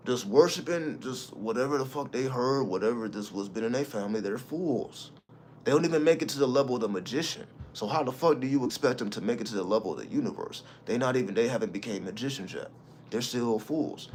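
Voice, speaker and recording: A man's voice: fairly low pitch, a little hiss or hum. A man hosting his own channel, talking casually in an emphatic, preachy way and swearing freely. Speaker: channel host. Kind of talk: casual spiritual monologue.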